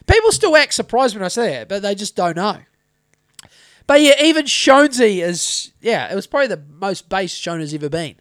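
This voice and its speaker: A man's voice: high-pitched, big pitch swings, fast, a bit bright, dry recording, clean studio sound. A man with a New Zealand accent co-hosting a casual podcast, telling stories and ranting with lots of swearing. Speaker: podcast co-host. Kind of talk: casual chat.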